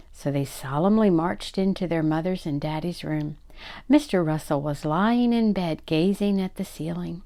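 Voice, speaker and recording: An older woman reading a children's story aloud, expressive and giving the characters their own voices. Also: fairly low pitch, unhurried.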